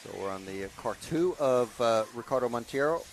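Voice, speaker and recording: A man's voice: mid-range voice, animated, brisk, a little hiss or hum. A man co-commentating a livestream of a race, conversational and hesitant, from a commentary box at the circuit.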